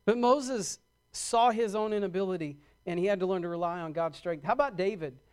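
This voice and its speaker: Male pastor, middle-aged, high voice, preaches with mounting emphasis. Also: a little mellow, smooth. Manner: preaching with rising emphasis and quick acted-out asides. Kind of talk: sermon.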